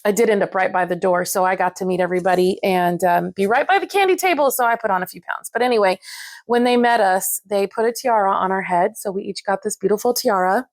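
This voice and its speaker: A woman craft vlogger chatting casually to camera while unboxing, gushing and excitable, with lots of fillers. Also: medium pitch, fast, no echo.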